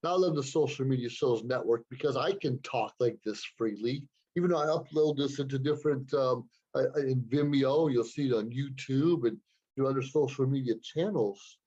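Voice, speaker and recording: A man with a husky voice and a medium pitch preaches earnestly to his viewers. He often repeats a word while he searches for his next thought. The sound is dull and lo-fi, like a webcam recording. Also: moderate pace, warm tone. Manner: earnest, moralizing, repeats words while thinking. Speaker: show host. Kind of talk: preachy solo talk to camera. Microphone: computer camera.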